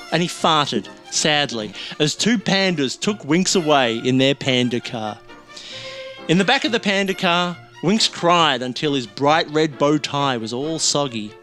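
A man's voice: on the high side, a bit bright. Giggly man reading a comic story. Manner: giggly, playful. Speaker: podcast co-host.

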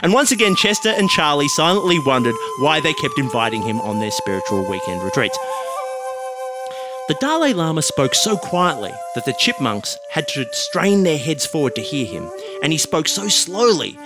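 A man hosting a podcast, reading out an absurd comic story with a deadpan manner. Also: on the high side, normal speed. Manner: deadpan, laughing at his own jokes. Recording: music playing under the voice.

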